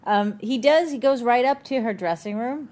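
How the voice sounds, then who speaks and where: A woman's voice: on the high side, normal speed, darkish tone. A woman co-hosting a movie podcast, chatting casually and wryly about the film's scenes. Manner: wry, agreeable, quotes scenes from notes. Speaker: podcast co-host.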